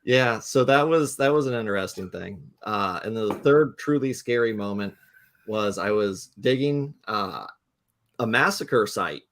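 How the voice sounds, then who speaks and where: A man's voice: fairly low pitch, lively intonation, measured pace, fairly bright tone. A man, a guest game designer, telling a rambling anecdote with lots of fillers on a casual live talk stream.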